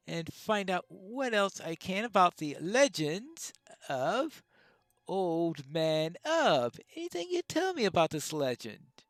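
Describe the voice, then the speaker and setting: A woman's voice: lowish voice, vocal fry, no room sound. A woman hosting a game playthrough with chatty, wry commentary. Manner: chatty, wry asides, drawn-out musing. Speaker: let's-play host. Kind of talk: casual gameplay commentary.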